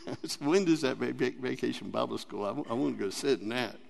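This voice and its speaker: A man's voice: medium pitch, brisk, gravelly, long reverb tail. A man giving an earnest, rambling personal testimony at church and laughing often.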